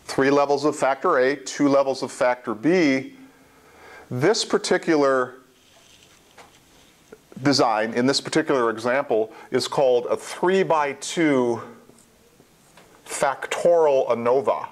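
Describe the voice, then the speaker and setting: A man instructing a college statistics class speaks at a measured pace in a medium-pitched voice, pausing often. In the classroom he goes step by step, plainly, repeating the important points with small asides along the way.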